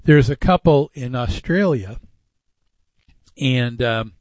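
A man's voice: medium pitch, expressive, slow, darkish tone, no room sound. A man hosting a radio talk show, reading sponsor spots and chatting with frequent fillers. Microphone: studio microphone.

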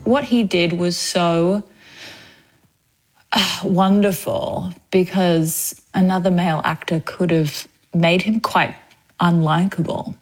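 Chatty young actress, lowish voice. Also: female voice, steady tone, slow pace, soft background music, low-quality recording. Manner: chatty, laughing, many fillers. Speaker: actress, guest. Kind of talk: casual interview chat.

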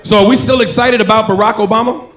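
A man's voice: sits high, steady tone, quick pace. A man doing stand-up comedy in a club, delivering punchy lines straight to the audience. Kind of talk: stand-up routine. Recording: live club recording with crowd laughter and noise.

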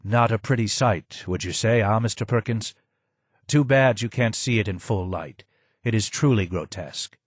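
A man putting on a broken, disfigured older man in a storybook reading, with a low hoarse voice and a slow, grave, bitterly wry way of speaking. The sound is dry and close. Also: no echo. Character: broken, disfigured older man, hidden former royal advisor.

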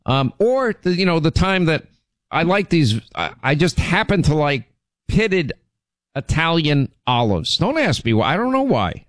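A man hosting a radio show, telling stories in casual chat, his voice jumping up in pitch when he gets indignant. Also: a little slow, no room sound. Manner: animated storytelling, pitch jumps when indignant.

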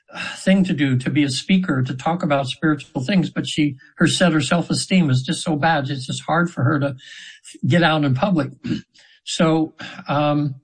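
A man's voice: fairly high pitch, breathy edge, low-quality recording. A man in his seventies, an interview guest, telling his session stories in an earnest, meandering way with many restarts. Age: 70s. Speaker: hypnotherapy practitioner, guest. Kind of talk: casual storytelling interview.

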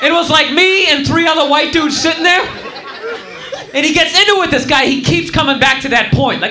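A man doing a stand-up routine on a club stage, telling an incredulous ranting story with shouts. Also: very high-pitched, brisk, background noise. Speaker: stand-up comedian. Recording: echoey club with crowd laughter.

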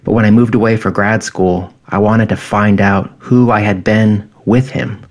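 A man in his thirties reading his own personal essay in a quiet, measured, reflective way. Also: fairly low pitch, steady tone.

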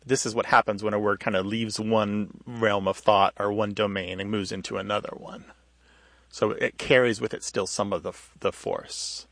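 A man's voice: on the low side, steady tone, normal speed, gravelly, fairly bright tone, dry recording. A male radio co-host explaining how words become vulgar, thoughtful and patient, with small restarts. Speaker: radio show co-host, language expert.

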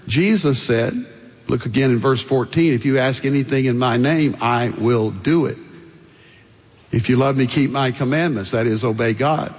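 A man's voice: medium pitch, normal speed, big-room sound. An older man preaching a sermon as pastor, emphatic, building through repeated lists and stressed phrases.

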